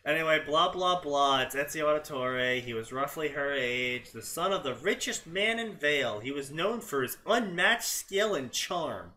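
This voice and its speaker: Male host, fanfic mockery, bright tense tone, a little high, sarcastic and exasperated. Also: animated, normal speed, hardly any pauses, a little hiss or hum, low-quality recording. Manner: exasperated, sarcastic, often laughing. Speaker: fanfiction reading show host. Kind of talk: sarcastic commentary and reading aloud.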